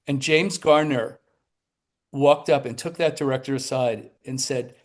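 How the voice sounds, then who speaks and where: A man in his seventies with a mid-range voice appears as a talk show guest, telling lively anecdotes. He animatedly acts out the people in his stories, with some quick bursts and restarts along the way.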